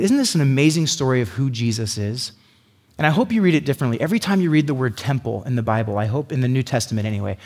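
Husky male preacher, animated and sarcastic. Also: medium pitch. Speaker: pastor. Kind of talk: sermon. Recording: hall reverb.

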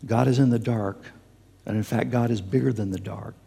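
A man's voice: lowish voice, fairly even intonation, normal speed, vocal fry, warm tone, breathy edge. A man preaching a sermon as pastor, earnest, with fillers and restarts, speaking in a church sanctuary. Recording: long hall reverb.

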